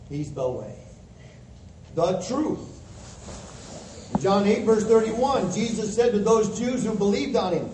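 A man's voice: high-pitched, dark tone. A man preaching a sermon, quoting scripture and pressing his points with emphasis. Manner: emphatic, quotes scripture with rising fervor. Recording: roomy distant mic with faint hiss.

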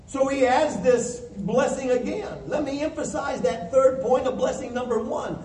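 A man with a high but mellow voice preaches a plain-spoken sermon, working through verses and acting out the voices he quotes. He sounds distant from the mic in a roomy church hall with a faint hiss behind him. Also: normal speed, few pauses.

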